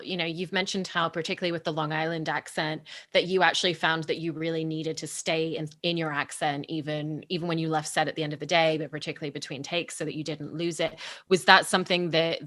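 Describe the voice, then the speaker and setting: Fast-talking low-voiced woman moderator. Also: a bit bright. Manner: long, carefully built questions. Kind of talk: interview questions.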